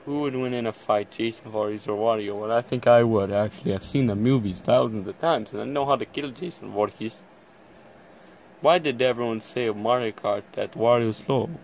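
A teenage boy co-hosts a loose, goofy chat and keeps laughing his way through it. His voice sits at a middling pitch. A faint hiss of noise runs under the recording. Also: normal speed. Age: teens. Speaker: co-host. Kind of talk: casual chat.

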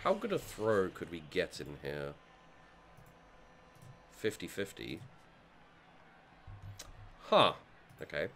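A man's voice: deep voice, wildly swooping pitch, slow, long pauses, fairly bright tone, a little hiss or hum. A man talking through his own game as he plays, thinking aloud and swearing freely. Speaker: gaming channel host. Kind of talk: let's play commentary.

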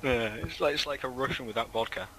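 A man's voice: mid-range voice, quick pace, sharp tone, rough recording. A teenage boy hosting a game video, rambling through casual chat with many fillers. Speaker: let's play host.

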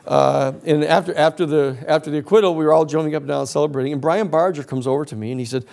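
A man's voice: on the high side, fast talker, gravelly. A middle-aged man, a lawyer, giving a storytelling lecture and acting out the voices of people in his story. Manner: animated storyteller acting out quoted voices, laughing often.

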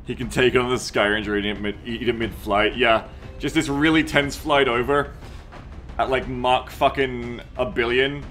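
A man streams a strategy game, reading his chat aloud and spinning crude jokes out of it. His voice is bright and forceful, at a mid pitch. Faint music plays underneath. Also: steady tone, moderate pace. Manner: joking, profane, riffing on chat messages. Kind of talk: casual gameplay commentary.

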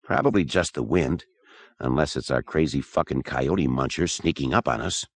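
A man's voice: very deep voice, normal speed, slightly rough, no echo, studio quality, pitched below the performer's own voice, exaggerated voice. A man voicing a crude, teasing young guy. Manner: profane, teasing. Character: crude joking young man exploring ruins.

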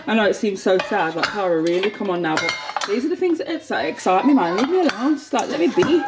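A woman talks excitedly in a casual vlog. Her voice sits at a middle pitch, and a steady, clearly audible background noise runs under the recording. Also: a little fast. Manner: enthusiastic, chatty show-and-tell. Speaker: vlog host, mum. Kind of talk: casual family vlog chat.

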